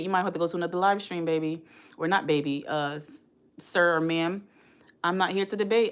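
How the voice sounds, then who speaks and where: Chatty woman streamer with a lowish voice. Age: around 40. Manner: chatty, addresses the chat directly, reads comments aloud. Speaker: live stream host. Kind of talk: casual live stream reaction chat.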